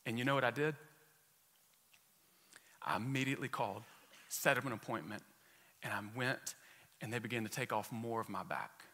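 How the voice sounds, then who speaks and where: A man's voice: mid-range voice, normal speed, pauses often, sharp tone, long reverb tail. A male pastor giving a sermon, telling a personal story with humor and frequent restarts. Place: church sanctuary.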